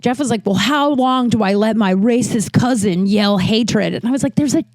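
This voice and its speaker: A young woman talks through a casual podcast monologue, animated and full of restarts and fillers. Her speech is recorded close and dry, with no room echo. She swears freely when she gets worked up. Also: a little high, normal speed. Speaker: podcast host. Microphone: podcast mic, also filmed for video.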